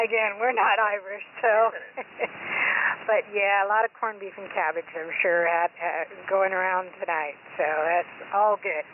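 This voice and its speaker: A woman's voice: medium pitch, little pitch movement, unhurried. A woman running a ham radio net, chatting casually with joking asides and little laughs. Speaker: net control operator. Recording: tinny radio audio with loud static.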